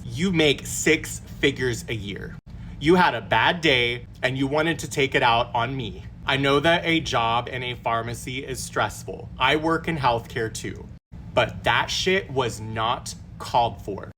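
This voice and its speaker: A man's voice: mid-range voice, a little hiss or hum. A young man telling an indignant storytime rant into his phone camera, swearing as he goes. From Texas. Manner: indignant, animated storytelling with profanity. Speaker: storytime vlogger.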